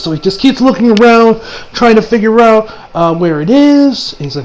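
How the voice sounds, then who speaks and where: A man's voice: sits high, expressive, moderate pace, slight background noise, poor audio. A man reviewing an anime episode in a casual, rambling recap, full of fillers and restarts.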